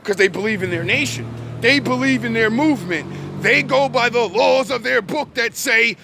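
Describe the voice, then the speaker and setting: A man ranting heatedly to camera from his car, swearing often and raising his voice to shouts. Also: extremely high pitch, normal speed, creaky, hardly any pauses, a little hiss or hum. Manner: angry, swearing, rising to shouts. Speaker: vlogger. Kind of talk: heated profane rant.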